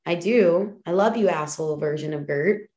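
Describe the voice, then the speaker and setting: A woman with a fairly low voice speaks on her podcast in a candid, heartfelt monologue. She talks emphatically, swears casually and leans on fillers as she works through her thoughts. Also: normal speed, darkish tone. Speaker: podcast host. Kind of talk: personal reflective monologue.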